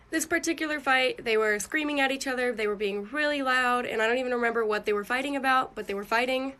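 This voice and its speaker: Bright-voiced young woman telling a story. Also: on the high side. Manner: chatty, quick asides. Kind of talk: casual story time video.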